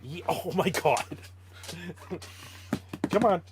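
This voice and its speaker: A man's voice: on the high side, animated, very slow, noisy background. A man casually chatting on a live stream, greeting viewers and playing with his dog, laughing often. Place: home.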